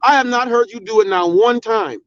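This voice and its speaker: A man's voice: very high-pitched, normal speed, a bit bright, no room sound. A man from the hosting his own channel, delivering a heated, confrontational commentary with emphatic repetition. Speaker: channel host. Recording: dull, dry lo-fi sound.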